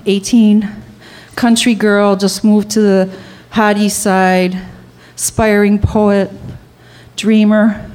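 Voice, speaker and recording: A woman tells a personal story on stage at a storytelling night. Her voice sits at an average pitch and leaps up whenever she plays out the people in the story. She speaks in short, vivid bursts. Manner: acts out the people in her story, rising high and louder in tense moments. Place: live storytelling event at a brewery.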